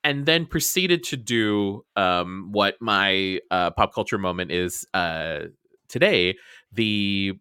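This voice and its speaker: Man, deep voice, podcast co-host, relaxed hesitant chat, dry close mic. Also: slow pace, clean tone, dry recording. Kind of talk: casual pop culture chat.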